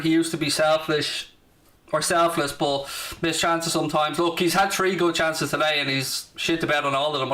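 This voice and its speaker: Sarcastic and casual, a South Dublin man with a Dublin Irish accent swears freely in brash banter during his football watchalong live stream, speaking in a sharp, slightly high voice.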